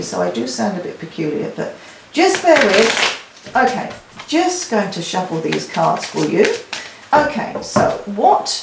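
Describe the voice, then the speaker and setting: Woman tarot reader, warm-hearted chatter to her cards, recorded in an echoey room. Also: medium pitch, background noise. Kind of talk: weekly tarot card reading.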